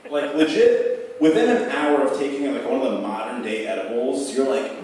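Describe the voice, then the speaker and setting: A man's voice: mid-range voice, expressive, moderate pace, a little mellow, slight background noise. Rambling young man doing stand-up. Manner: rambling, profane, filler-heavy. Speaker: stand-up comic. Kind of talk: open mic stand-up storytelling. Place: bar open mic room. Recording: echoey bar room heard from far off.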